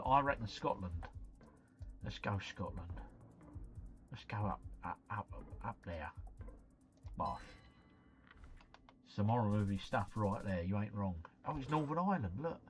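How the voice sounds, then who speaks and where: A man's voice: fairly low pitch, big pitch swings, a little slow, pauses often. Man muttering through a live stream. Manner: thinks aloud, muttering then exclaiming. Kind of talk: live-stream commentary while playing a geography guessing game. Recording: slightly muffled, faint background music.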